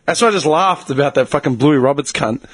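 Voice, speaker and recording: A man's voice: fairly high pitch, fast talker, dry recording. An Australian man hosting a podcast, telling stories in casual chat, swearing a lot and breaking into laughter. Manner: animated storyteller, swears a lot, bursts of laughter. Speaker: podcast host.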